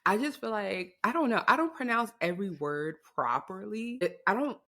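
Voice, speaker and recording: A young woman co-hosting a podcast in casual chat, speaking in a deep, monotone, matter-of-fact way. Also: moderate pace. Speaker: podcast co-host.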